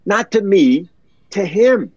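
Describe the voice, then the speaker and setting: A man's voice: sits high, expressive, slow pace, darkish tone, husky, highs cut off. A man telling a heartfelt personal story in a podcast chat, earnest and emotional, repeating words for emphasis.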